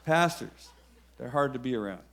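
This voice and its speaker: A man's voice: mid-range voice, lively intonation, moderate pace, a bit bright. A man preaching a sermon with humor and emphatic repetition.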